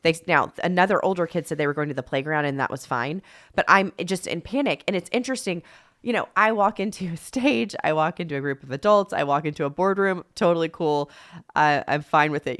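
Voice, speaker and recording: Low-pitched woman cohosting a podcast, casual chatty stories, plays all the parts. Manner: animated, acts out quoted dialogue. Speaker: podcast co-host. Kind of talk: casual storytelling chat.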